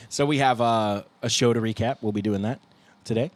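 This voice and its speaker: A young man co-hosting a casual band podcast, joking and laughing a lot and acting out what people said. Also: mid-range voice. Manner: jokey, laughs often, acts out quotes. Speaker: podcast co-host, band guitarist. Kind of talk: casual chat.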